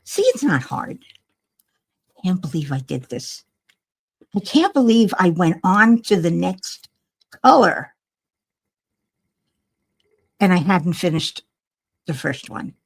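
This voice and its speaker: Tired, gravelly older woman chatting. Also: fairly low pitch, expressive, slow pace, pauses often. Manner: rambling, self-talking, wry and chatty. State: tired, yawning. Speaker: livestream host. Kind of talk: casual chat while crafting.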